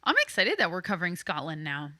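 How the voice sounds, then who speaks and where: A woman's voice: fairly low pitch, sing-song, quick pace, pushed and bright, no echo, studio quality. A young woman, a podcast co-host chatting about soccer with strong opinions and easy laughs. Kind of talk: casual sports chat.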